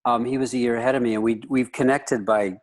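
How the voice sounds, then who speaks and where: A man's voice: mid-range voice, fairly even intonation, fast talker. A man in his fifties from the United States, a guest in a casual interview who rambles and leans on "you know" fillers.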